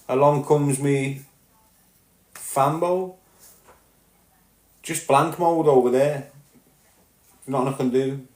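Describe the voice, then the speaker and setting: A man's voice: takes it slowly, pauses often. Liverpool man, 30s, blunt profane podcast monologue, roomy echo. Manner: blunt and profane, swings between loud outbursts and low muttering. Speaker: podcast host. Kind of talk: candid monologue.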